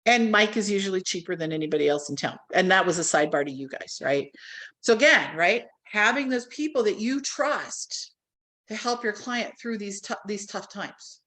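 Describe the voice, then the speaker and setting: A woman's voice: medium pitch, lively intonation, normal speed, a bit bright. A woman teaching a real estate training class to a live audience, talking animatedly and acting out quoted phone calls.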